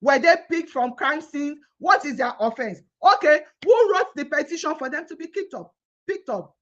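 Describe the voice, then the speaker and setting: A woman's voice: high voice, animated, normal speed. A Nigerian woman pleading and protesting in an impassioned monologue, firing off rhetorical questions. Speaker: activist vlogger. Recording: dull lo-fi phone audio.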